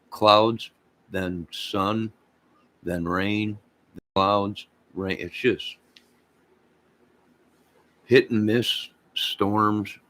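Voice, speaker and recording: Casting: man vlogging, folksy and rambling, slightly low-pitched. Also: a bit bright. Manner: rambling, folksy, loose and talkative. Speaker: small channel vlogger. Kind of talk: casual vlog chat.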